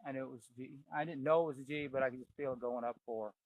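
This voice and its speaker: Racing along in fairly even intonation, a piano teacher with a medium-pitched voice runs a casual ear-training lesson, naming notes as he plays and thinking aloud. The sound is phone quality, with loud piano behind him.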